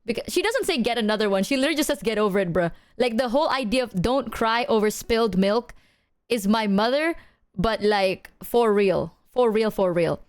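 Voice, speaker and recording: A young woman streamer chatting casually, telling an animated story and acting out the quotes. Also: on the high side, a little fast, clean tone. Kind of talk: casual chat.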